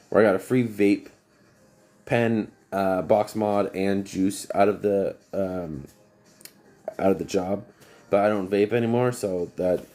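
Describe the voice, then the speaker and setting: A man's voice: on the low side, mellow. A man who works as an HVAC technician, telling long rambling stories on a casual livestream and breaking off to greet viewers.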